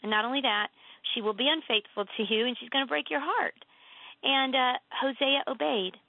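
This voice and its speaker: A woman author guest in a casual faith conversation, telling earnest, animated stories with emphatic lifts in her voice. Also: high-pitched, normal speed, vocal fry, dry recording. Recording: tinny phone-like line.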